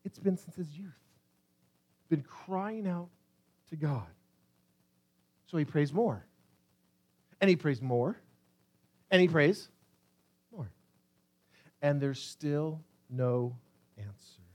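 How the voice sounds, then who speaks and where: Impassioned high-voiced male pastor preaching. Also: slightly rough. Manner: impassioned, swings from loud pleas to hushed near-whispers; reads scripture aloud with dramatic pauses. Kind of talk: sermon.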